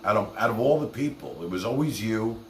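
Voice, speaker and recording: A man's voice: fairly low pitch, animated, fairly quick, roomy sound, a little hiss or hum. A man hosting a casual livestream, talking animatedly straight to his chat. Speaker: livestream host.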